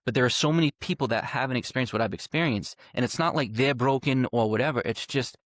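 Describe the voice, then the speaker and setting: A man speaks at a middle pitch, earnest and emphatic, stacking repeated phrases and dropping the odd curse as he tells his story. He is a guest on a podcast. The sound is dry and close, with no room around it. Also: fast talker, a bit bright, dry recording. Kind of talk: personal storytelling.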